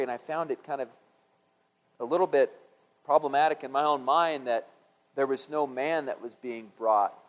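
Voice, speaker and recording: A middle-aged man preaching a sermon in a conversational, musing way, rising for emphasis and dropping low when quoting scripture. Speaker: pastor.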